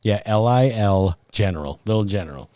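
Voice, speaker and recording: A man's voice: on the low side, lively intonation, normal speed, dark tone, dry recording. A man with a Midwestern American accent telling a rambling, profane story in casual podcast chat. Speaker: podcast host.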